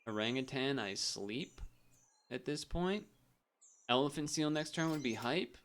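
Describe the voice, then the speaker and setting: A man's voice: medium pitch, expressive, measured pace, background noise. A young man streaming a game, chatting casually and thinking aloud as he rambles and cuts himself off.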